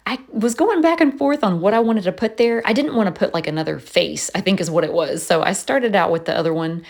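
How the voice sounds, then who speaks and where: A woman's voice: medium pitch, a little fast, gravelly. A woman chatting casually in a voice-over, telling stories and laughing often. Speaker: planner vlogger.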